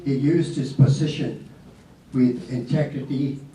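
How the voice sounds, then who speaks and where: A man's voice: mid-range voice, fairly even intonation, unhurried, warm tone, slight background noise. A man giving a reflective eulogy, quoting poetry as he says goodbye to a friend. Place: memorial hall. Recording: echoey hall from far off.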